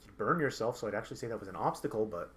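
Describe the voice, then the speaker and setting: A man running a tabletop game as game master, explaining rules in quick, halting bursts with many restarts. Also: fairly low pitch, lively intonation, a bit bright.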